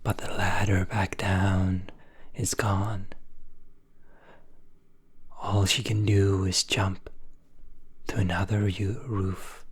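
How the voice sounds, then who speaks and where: ASMR storyteller, man, unhurried breathy whisper, flat delivery. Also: deep voice.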